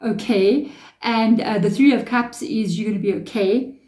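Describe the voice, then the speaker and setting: A woman's voice: on the high side, normal speed. Chatty woman reading tarot, echoey room. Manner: chatty, animated, many fillers and self-talk. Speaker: tarot reader. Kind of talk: casual tarot reading to camera.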